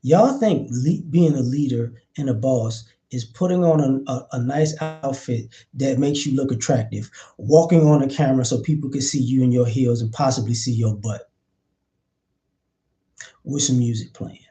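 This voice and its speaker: A man's voice: medium pitch, normal speed, dark tone. A man giving opinionated commentary in a vlog, blunt and profane, hammering his points with repeated phrases.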